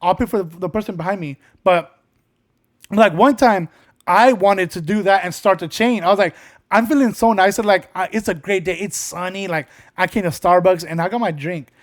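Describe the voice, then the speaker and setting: A man's voice: high voice, moderate pace. A young man co-hosting a casual podcast, telling rambling stories with lots of swearing and acted-out quotes. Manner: rambling storyteller, swears often, acts out quotes. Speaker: podcast co-host.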